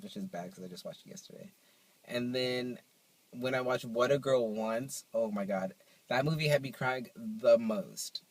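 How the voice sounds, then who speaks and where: A young man chatting to camera in a vlog, telling stories in an animated, playful way, recorded on his phone. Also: mid-range voice, no room sound, low-quality recording. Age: young adult. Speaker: vlogger. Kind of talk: casual chat to camera.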